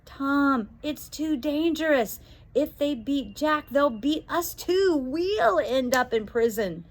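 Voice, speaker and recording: Woman doing a scared, brave storybook girl: high-pitched, urgent, breathless pleading. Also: lively intonation, slow pace.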